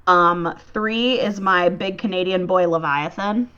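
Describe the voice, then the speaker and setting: A woman's voice: on the low side, unhurried, pushed and bright, clean tone, dull audio. A young woman chatting as a podcast guest, enthusiastic and swearing freely. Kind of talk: casual chat.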